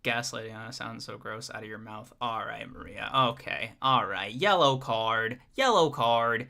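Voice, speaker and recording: Young male podcast co-host, bright voice, jokey, laughs easily. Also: lowish voice, normal speed, creaky. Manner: joking, laughs often, trails off and restarts. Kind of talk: casual livestream chat.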